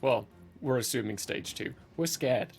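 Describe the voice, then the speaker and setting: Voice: mid-range voice, normal speed, creaky, breathy edge, soft background music. A player in a tabletop game who jokes around and greets viewers in the chat.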